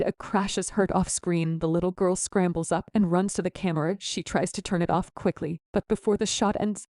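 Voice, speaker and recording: A woman narrating horror stories in the first person, in an even storytelling manner. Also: mid-range voice, no room sound, clean studio sound.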